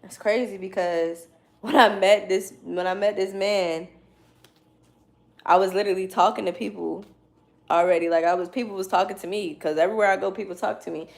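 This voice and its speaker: Loose, slangy woman with a gravelly voice. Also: medium pitch, fairly even intonation, brisk, darkish tone. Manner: loose, swearing, laughing, slangy. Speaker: tarot reader. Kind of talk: casual storytelling to viewers.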